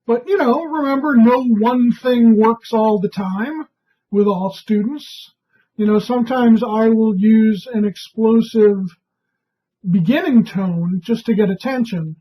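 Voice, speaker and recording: A woman with a fairly high, husky voice leads a training session. She speaks calmly and conversationally, often pausing to ask "right?" as she explains. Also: dull audio. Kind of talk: instructional talk.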